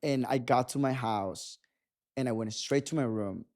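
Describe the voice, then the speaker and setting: A man's voice: mid-range voice, moderate pace. A man, a guest telling a personal story in a casual interview, acting out what people said. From Mexico. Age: 20s. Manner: animated storytelling, acting out dialogue. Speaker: guest photographer.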